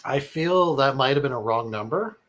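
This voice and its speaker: A man's voice: mid-range voice, animated, moderate pace, fairly bright tone. A man hosting a casual call-in advice show, laughing often as he reads listener emails aloud. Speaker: talk show host. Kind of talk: casual comedic call-in chat.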